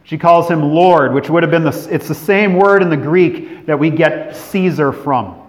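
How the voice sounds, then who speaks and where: A man from California preaching a sermon as pastor, moving between emphatic declarations and hushed, drawn-out phrases. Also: fairly high pitch. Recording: long hall reverb.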